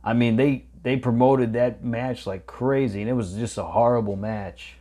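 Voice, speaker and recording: A man's voice: mid-range voice, moderate pace. A man hosting a watch-along, chatting casually and answering viewer questions in a rambling way with fillers. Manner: relaxed, rambling with fillers and restarts. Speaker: reaction channel host.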